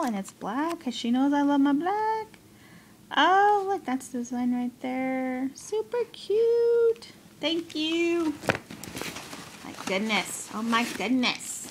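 Gushing high-voiced woman. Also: expressive, a little slow. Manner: gushing, squealing, chatty and giggly. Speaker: craft vlogger. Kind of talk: excited haul unboxing. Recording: noisy home recording. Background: paper crinkling.

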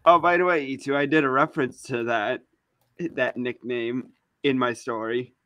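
A man chatting casually with friends in a group voice chat, quick to react and joke. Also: mid-range voice, steady tone, a bit bright, no echo.

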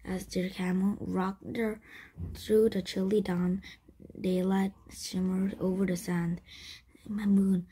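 A woman reading a children's chapter book aloud, breathy and often whispered, with frequent slips and restarts. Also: mid-range voice, little pitch movement, takes it slowly, mellow. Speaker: story reader.

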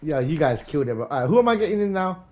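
A man's voice: on the high side, racing. A man streaming a game live, chatting casually and calling out viewers by name. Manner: excitable, calls out viewers by name. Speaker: gaming streamer.

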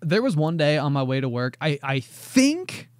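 A man co-hosting a podcast in casual chat, talking in an animated, rambling way with many fillers. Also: fairly high pitch, moderate pace, no room sound, studio quality. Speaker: podcast co-host.

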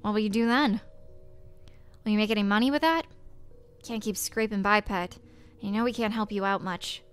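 A woman's voice: medium pitch, moderate pace, pauses often, smooth, soft background music, close to an everyday voice. A woman reading the lines of a worried, nagging middle-aged mother in a visual novel, in her own plain voice. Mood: disapproving. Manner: plain reading, no accent attempted.

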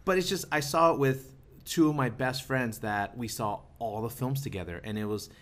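A man's voice: mid-range voice, moderate pace, fairly bright tone, slight background noise. Stammering male podcast host. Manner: stammers and restarts often. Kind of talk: casual roundtable chat.

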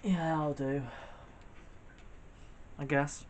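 A man commentating his own playthrough with a slightly high voice. He reacts out loud to every setback and jokes with the characters on screen. A faint hiss of noise sits under his voice. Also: unhurried. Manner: reactive, jokey, talks to the game. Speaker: gamer. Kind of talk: let's play commentary.

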